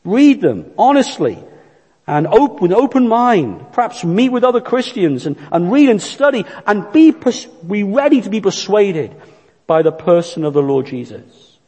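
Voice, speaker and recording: A man preaching with a high, light voice, slow and deliberate. His earnest sermon carries a long reverb tail from a church hall. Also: big pitch swings, dark tone, breathy edge.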